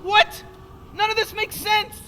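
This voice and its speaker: A man's voice: very high voice, steady tone, unhurried, pushed and bright, heavily acted. A man voicing an anxious, stuttering teenage boy sidekick in a video game, repeating words as he protests. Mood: outraged. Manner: stammering, repeats words, exasperated. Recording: game audio with long reverb and faint noise.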